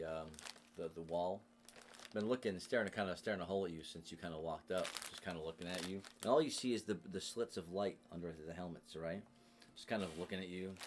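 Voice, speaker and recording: A man with a fairly low voice runs a tabletop role-playing game, describing the scene in a loose, rambling way full of fillers and restarts. A faint hiss sits under his voice. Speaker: game master.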